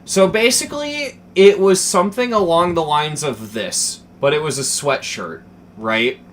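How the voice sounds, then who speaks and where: A young man chatting casually as a streamer, telling a story with lots of swearing, dropping to mumbles and then getting excited. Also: a little high, unhurried, a little hiss or hum. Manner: animated, profane, swings between mumbling and excited.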